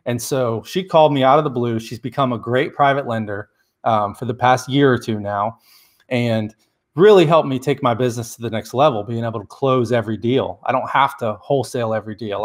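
A man speaks in an ordinary middle-range voice, neither high nor low. He is a guest on an interview show, sharing earnest advice and telling stories from his business in a relaxed, conversational way. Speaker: real estate investor guest. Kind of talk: casual interview storytelling.

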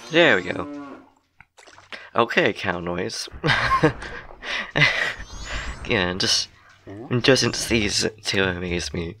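A man's voice: on the low side, bright, forceful tone. A young man giving casual, rambling let's-play commentary, laughing often as he plays. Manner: chatty, giggly, rambling. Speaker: gaming YouTuber. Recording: game music playing under the voice.

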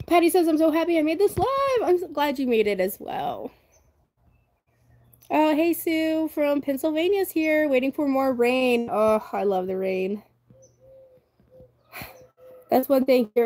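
A young woman from the American South hosts a casual livestream. Her voice sits a little high but sounds warm and mellow. She rambles easily, reads comments aloud and laughs often as she talks. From Southern United States. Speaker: livestream host. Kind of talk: casual live-stream chat reading viewer comments.

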